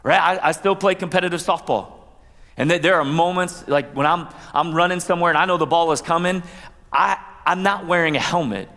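A man's voice: a little high, brisk, pushed and bright. A man pastor giving a conversational sermon, with asides and playful quoted voices. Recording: long hall reverb.

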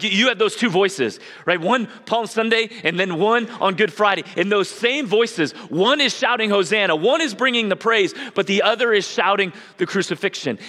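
A male pastor preaches with a bright, forward, slightly raised voice, mixing casual asides with emphatic repetition. His words trail off into a long church reverb. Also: high voice. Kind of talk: sermon.

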